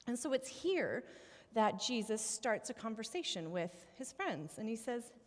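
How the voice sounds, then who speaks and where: A woman's voice: fairly high pitch, very animated, unhurried. Woman preaching in a reverberant church. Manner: conversational, reflective, many fillers and restarts. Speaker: pastor. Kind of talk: sermon. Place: church sanctuary.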